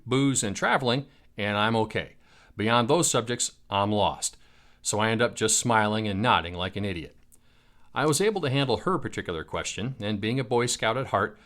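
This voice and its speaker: A man's voice: mid-range voice, a bit bright. An American man telling a personal travel story in a wry, self-mocking way. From United States.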